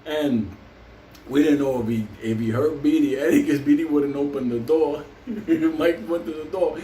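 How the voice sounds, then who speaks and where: A man's voice: fairly high pitch, normal speed, warm tone, distant mic, slight background noise. A man telling a wild story in casual, profane talk, laughing often and acting out the voices of the people in it. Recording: roomy, off-mic with faint ambience.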